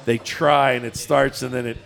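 A man's voice: mid-range voice, level tone, normal speed, gravelly, fairly bright tone, soft background music. A man co-hosting a casual chat, talkative and self-mocking, laughing often.

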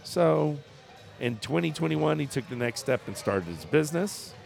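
Gravelly, animated man co-hosting a chat. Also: on the high side, moderate pace, soft background music. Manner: jokey, laughs often, restarts while reading. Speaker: podcast co-host. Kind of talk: casual chat, reading a news story aloud.

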